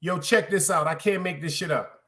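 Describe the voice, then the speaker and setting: A man ranting through a work story on his podcast, profane and animated, repeating lines for emphasis and calling out to his listeners. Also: on the high side, normal speed. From Brooklyn, New York. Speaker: podcast host. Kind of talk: casual storytelling rant.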